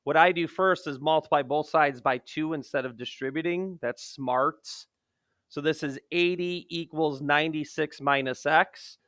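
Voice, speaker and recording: A man talking through a geometry lesson as a math teacher, joking and poking fun at himself. His voice is bright and sharp and sits a little high. It is recorded close and dry, with no room sound. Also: no room sound. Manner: joking, self-deprecating, jumps from playful outbursts to mutters.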